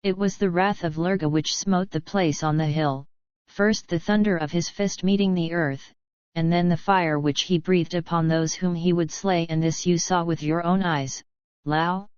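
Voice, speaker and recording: Fearful tribesman, pleading and sullen, as a woman reads him, lowish smooth voice. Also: fairly even intonation, normal speed, a little mellow, no echo, dull audio, natural voice. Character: cowering, fearful male tribesman.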